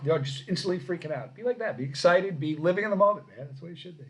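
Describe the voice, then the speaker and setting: Man, middle-aged, slightly high voice, casual live-stream chat, animated storyteller. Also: racing, low-quality recording. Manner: animated storyteller, rising loud when excited.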